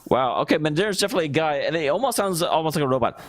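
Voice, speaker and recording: A man's voice: a little high, rapid-fire. A man hosting a let's play, giving casual, joking commentary to his viewers as he plays. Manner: animated, joking, talking to viewers.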